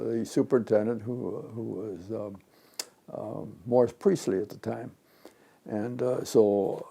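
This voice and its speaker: A man in his nineties from Chicago, an interviewee and retired pinball designer telling memories in a rambling, animated way, acting out the voices of people in his stories. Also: mid-range voice, vocal fry. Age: 90s. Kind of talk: reminiscing storytelling.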